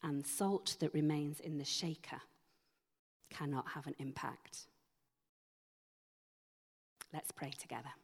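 Slow low-voiced woman preaching in a hall. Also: fairly even intonation, a little mellow, breathy edge. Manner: slow, emphatic rhetorical questions. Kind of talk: sermon. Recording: long hall reverb.

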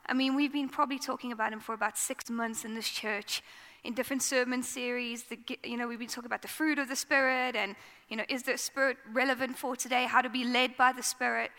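A woman's voice: on the high side, fairly even intonation, fast, pushed and bright, long reverb tail. A woman giving a conversational, earnest sermon in a church. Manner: earnest, conversational preaching with fillers. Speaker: preacher.

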